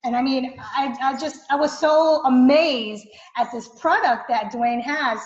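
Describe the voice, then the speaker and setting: Woman, high voice, emphatic, effusive, echoey lo-fi room. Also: a little slow. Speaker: student and client giving a testimonial. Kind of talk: enthusiastic testimonial. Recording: echoey room, dull lo-fi sound.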